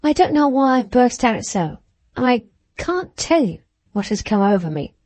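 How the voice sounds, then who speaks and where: A woman voicing a sad, reserved young woman who speaks quietly in an audiobook. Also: fairly high pitch, sing-song, normal speed, no echo. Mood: remorseful. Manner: quiet and subdued. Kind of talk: audiobook character reading.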